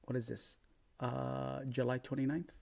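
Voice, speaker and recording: A man's voice: mid-range voice, level tone, measured pace, gravelly, darkish tone. A brash, profane man giving casual market commentary as a crypto trading vlogger, thinking aloud while checking charts.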